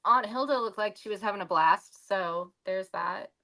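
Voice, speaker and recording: A woman with a mid-pitched voice co-hosts a pop culture podcast. She talks bluntly with a sardonic edge and often keeps her answers short. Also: moderate pace, sharp tone. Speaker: podcast co-host. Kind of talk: casual pop culture chat.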